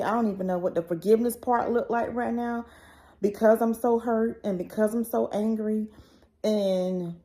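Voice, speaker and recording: A woman's voice: medium pitch, mellow, rough recording. A woman vlogger recounting a painful personal story in a rambling, emotional way, full of fillers.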